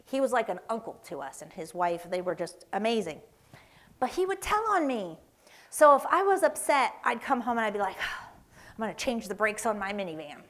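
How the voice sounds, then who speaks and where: A woman's voice: fairly high pitch, lively intonation, moderate pace, fairly bright tone. Woman from Tennessee, seminar speaker in a church hall; conversational, tells stories, keeps asking "right?". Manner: conversational, storytelling, often asks "right?".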